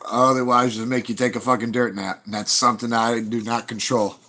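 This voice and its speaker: A man talks straight to his livestream viewers. He rambles from story to story, blunt, profane and unbothered, in a voice sitting in a middle pitch. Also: flat delivery, brisk, few pauses, sharp tone. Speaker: livestream host. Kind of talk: casual livestream chat to viewers.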